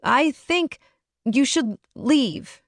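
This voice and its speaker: A woman's voice: sits high, expressive, very slow, dry recording, studio quality, heavily acted. Woman voicing a bitter betrayed young man. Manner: icy, controlled, bitter. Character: hurt betrayed young man confronting his partner.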